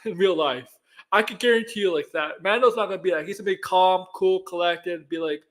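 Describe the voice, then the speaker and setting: A man's voice: high-pitched, fairly quick, fairly bright tone. A middle-aged man co-hosting a movie news show in casual chat, rambling and repeating himself with many restarts.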